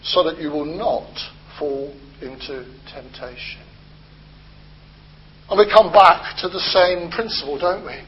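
Male preacher, light high voice, easygoing expository sermon on a muffled lo-fi recording. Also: measured pace. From Britain. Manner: conversational, gently humorous expository preaching.

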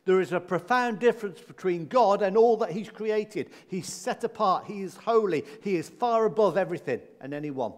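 Male preacher, emphatic and repetitive delivery, slightly high, long hall reverb. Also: expressive, normal speed, few pauses. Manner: emphatic, repeating key phrases. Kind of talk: sermon.

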